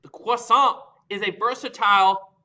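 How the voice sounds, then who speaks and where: A man with a very high, piercing voice delivers a brash, mocking comedic rant. His tone is sharp and edgy. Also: fairly even intonation, moderate pace, muffled recording. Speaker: improv player arguing for croissants. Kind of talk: comedic opening argument.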